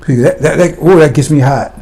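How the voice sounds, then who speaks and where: Guy preaching hard, fiery and blunt, keeps throwing questions at ya, kinda high-ish voice. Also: fairly quick, warm tone. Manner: impassioned, blunt, fires rhetorical questions at listeners. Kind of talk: fiery sermon.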